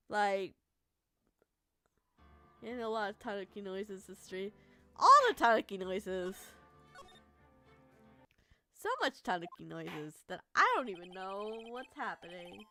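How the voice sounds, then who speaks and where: A woman streaming a game live, chatting in a silly, playful way with sudden loud outbursts. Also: medium pitch. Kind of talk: live gameplay commentary. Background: soft lofi music.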